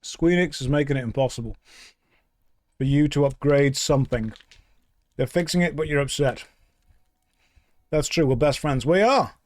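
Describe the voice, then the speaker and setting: A streamer with a fairly high, darkish male voice chats casually with viewers during a game, trading dry, sarcastic banter. He talks at a normal speed with long pauses, and the recording is dry.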